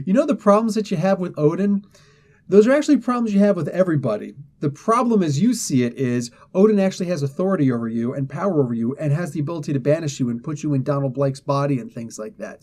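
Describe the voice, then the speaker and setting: A man casually retelling a comic book story, animated and laughing, often slipping into the characters' voices. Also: fairly high pitch.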